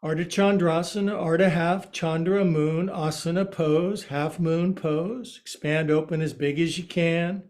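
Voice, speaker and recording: Slow, high-voiced man leading yoga. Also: fairly even intonation, darkish tone. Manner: counts poses aloud and jokes about words. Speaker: yoga teacher. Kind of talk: guided yoga class. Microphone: livestream from his own space.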